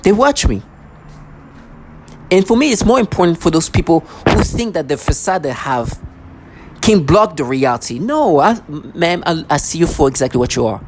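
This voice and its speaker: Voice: medium pitch, very animated, normal speed, darkish tone, slight background noise. A vlogger ranting to camera in an agitated, accusatory way, full of sarcasm and stammered restarts.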